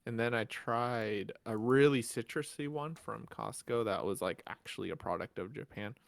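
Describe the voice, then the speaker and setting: A man in an easygoing podcast chat, stopping and restarting his sentences as he talks. His pitch sits mid-range, and the sound is dry and close, with no room around it. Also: gravelly, no echo. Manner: halting, restarts often, laughs easily. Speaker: podcast co-host. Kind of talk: casual chat.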